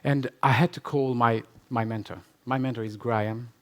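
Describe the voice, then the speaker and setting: A man's voice: mid-range voice, steady tone, moderate pace, fairly bright tone. A man giving a conference talk and answering audience questions, emphatic and repetitive, laughing often. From Albania. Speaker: conference speaker. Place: conference hall with live audience.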